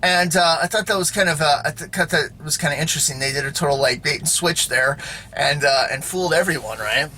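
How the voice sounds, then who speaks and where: Man host, casual monologue; bright-toned, rambles, leans on filler words and "right?" checks with the viewer. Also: a little high, fairly quick, a little hiss or hum. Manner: rambling, full of fillers and tag questions. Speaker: video host.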